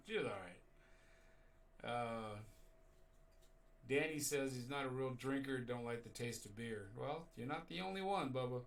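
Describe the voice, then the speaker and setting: A man's voice: medium pitch, lively intonation, unhurried, long pauses, distant mic. A man hosting a casual show, telling rambling stories and chuckling along. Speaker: show host. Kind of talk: casual radio show chat.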